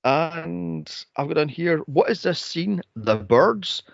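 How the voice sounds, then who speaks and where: A man with a gravelly, lively voice recaps a film in an exasperated, swearing rant. His pitch swings widely, and the dull, lo-fi sound sits in a dry room. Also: slow pace, dry recording. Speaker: podcast co-host. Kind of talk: casual chat recapping a film. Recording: dull lo-fi podcast mic.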